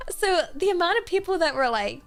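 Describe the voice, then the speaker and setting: A young woman from Britain, a streamer chatting casually in a bubbly, rambling, giggly way. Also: very high-pitched. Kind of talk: casual livestream chat.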